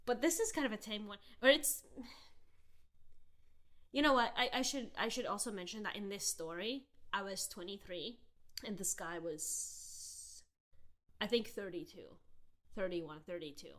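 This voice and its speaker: A young woman in her twenties, a podcast host, telling a personal story in a candid, animated way, with frequent laughter and fillers like "like" and "um". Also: medium pitch, a little slow, long pauses. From Southern California. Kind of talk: casual storytelling rant.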